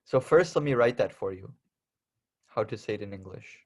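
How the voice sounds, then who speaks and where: A man's voice: fairly low pitch, lively intonation, moderate pace. Young male teacher, casual lesson delivery, drills each sound patiently. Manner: patient, repeats and stresses each letter sound. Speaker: Arabic alphabet teacher.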